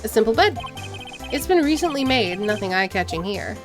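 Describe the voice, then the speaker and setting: A woman's voice: medium pitch, very animated, brisk, music in the background, close to an everyday voice. A woman voicing a young male defense lawyer, earnest and easily flustered, stumbling over his words.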